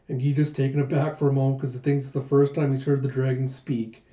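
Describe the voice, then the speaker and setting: A man casually retelling a manga chapter in a relaxed way, with frequent fillers. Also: medium pitch, fast, echoey room, muffled recording. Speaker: host reading a manga aloud. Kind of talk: casual comic readthrough narration.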